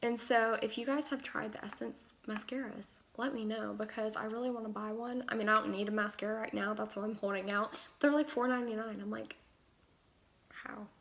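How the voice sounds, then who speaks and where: A young woman with a slightly high voice and a gravelly, fry-tinged edge chats her way through a makeup tutorial. She rambles, drifts into asides and fills gaps with fillers, as if talking to friends from her room. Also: fairly even intonation, fairly quick, hardly any pauses, fairly bright tone, slight background noise. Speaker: beauty vlogger.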